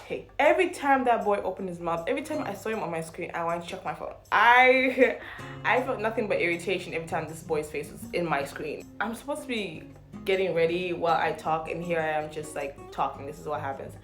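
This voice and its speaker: A young woman giving casual, animated commentary on a reality show, swearing freely and acting out the people she talks about. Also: fairly low pitch, a little fast, soft background music. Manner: animated, quotes people in put-on voices, swears. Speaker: vlogger.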